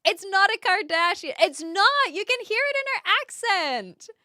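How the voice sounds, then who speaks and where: A woman's voice: very high-pitched, sing-song, moderate pace, bright, forceful tone, no echo, clean studio sound. A young woman livestreaming, chatting casually and rambling with lots of fillers while reacting to her chat. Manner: reads chat and reacts aloud.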